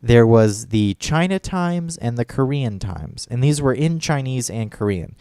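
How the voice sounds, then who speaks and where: A man's voice: medium pitch, animated, a little slow, dark tone, clean tone, no echo, studio quality. A man telling a story in casual chat as a podcast co-host, rambling and profane, full of fillers and restarts.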